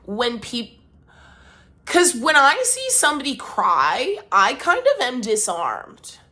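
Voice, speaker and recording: A woman's voice: sits high, wildly swooping pitch, slow, pushed and bright. A woman vlogger talking casually to her viewers, emphatic and exasperated as she vents. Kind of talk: casual talk to camera.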